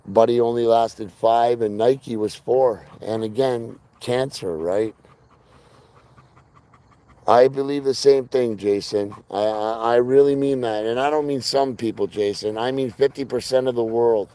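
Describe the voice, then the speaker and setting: A man talks in a casual live stream about training his dog, speaking earnestly and directly and reading his viewers' names aloud. His mid-range voice is steady, unhurried, mellow, clear and resonant.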